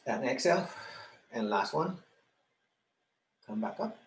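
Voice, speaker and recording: A man's voice: medium pitch, animated, measured pace, echoey room. A man leading a live online exercise class, counting repetitions, cueing breathing and encouraging students by name. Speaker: fitness instructor.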